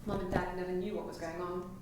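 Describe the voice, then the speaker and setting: A woman playing a quietly reflective young woman. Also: fairly low pitch, little pitch movement, distant mic, natural voice. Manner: quiet, measured storytelling. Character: young woman calmly recounting her twin sister. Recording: echoey game audio played from afar over noise.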